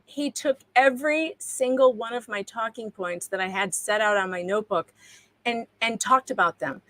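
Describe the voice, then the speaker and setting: A woman's voice: on the high side, moderate pace, fairly bright tone, no echo, poor audio. A woman chatting as a guest on a livestream, self-deprecating and laughing often. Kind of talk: casual livestream chat.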